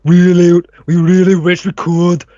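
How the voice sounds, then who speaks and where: A man's voice: sits high, completely flat delivery, a little slow, warm tone, no room sound. A man voicing a polite, composed male butler in a mild, hesitant way. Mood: apologetic. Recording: dry, muffled lo-fi mic.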